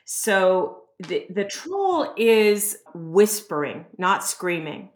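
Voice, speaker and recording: A woman's voice: mid-range voice, big pitch swings, very slow. Earnest woman explaining, roomy sound. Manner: earnest, explanatory, uses rhetorical "right?" and "you know". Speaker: guest expert on self-esteem. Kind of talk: conversational podcast explanation. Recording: roomy echo.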